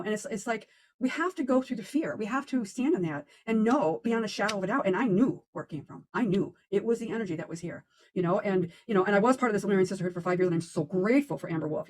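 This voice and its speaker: A woman's voice: medium pitch, low-quality recording. An older woman hosting a casual interview, telling her stories in an effusive, gushing way. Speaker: host.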